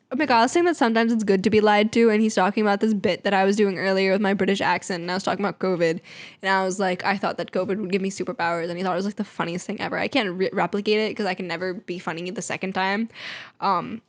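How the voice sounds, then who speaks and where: A woman's voice: mid-range voice, fairly even intonation, fast talker, dry recording. A young woman vlogging in a chatty, rambling, self-mocking way. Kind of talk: casual vlog chat.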